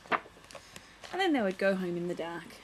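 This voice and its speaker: A woman's voice: mid-range voice, very animated, unhurried, a bit bright, slight background noise, poor audio. A young woman vlogging at home, chatting casually as she shows and reads from a children's picture book, full of playful asides.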